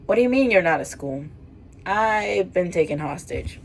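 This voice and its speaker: A woman's voice: on the low side, expressive, moderate pace, gravelly, slight background noise. A young woman voicing a polite teenage boy held hostage, reading from her old story. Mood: calm.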